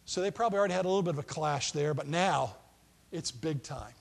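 A high-voiced man preaching as a pastor, chatty and playful, slipping into little voices for the people in the story. His voice rings out with a long reverb, as in a large hall. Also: lively intonation, fast talker, vocal fry. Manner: conversational, joking storyteller acting out quotes. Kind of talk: sermon.

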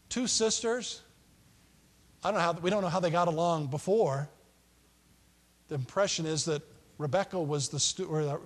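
A man's voice: a little high, slightly rough, big-room sound. A man preaching a sermon as a pastor, telling the story in a conversational, joking way and acting out the quotes.

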